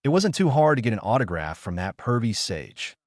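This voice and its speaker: A man's voice: medium pitch, very animated, a little fast, no room sound, clean studio sound, lightly acted. A man voicing an impulsive young male ninja who exclaims a lot, in a storybook reading. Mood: eager.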